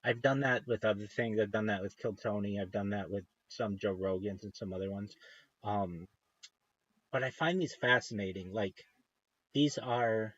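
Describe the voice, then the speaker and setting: A man's voice: lowish voice, moderate pace, fairly bright tone, dry recording. Man rambling on a dull-sounding livestream. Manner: meandering, self-interrupting, enthusiastic. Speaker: livestream host. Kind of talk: casual rambling livestream chat.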